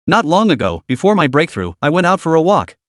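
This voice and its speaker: Cast: eager young disciple read by a man, earnest, hushed, slightly high voice. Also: very animated, brisk, no room sound, clean studio sound. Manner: earnest, secretive.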